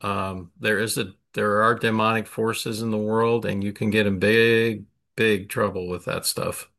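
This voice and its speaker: A man speaks slowly and haltingly in a group discussion. His voice is low-pitched with a gravelly, creaky edge. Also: flat delivery, a bit bright. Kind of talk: casual discussion.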